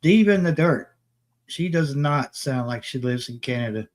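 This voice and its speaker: A man co-hosting a live chat, asking slow drawn-out jokey questions. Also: mid-range voice, animated. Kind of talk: casual chat.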